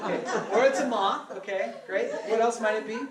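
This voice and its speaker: A woman's voice: on the high side, a little fast. A woman leading an improv class show, upbeat and laughing often as she coaxes suggestions from the audience. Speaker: improv class instructor and host. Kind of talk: live improv show hosting. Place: theater stage before a live audience. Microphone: far room mic. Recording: echoey room, far from the mic, crowd.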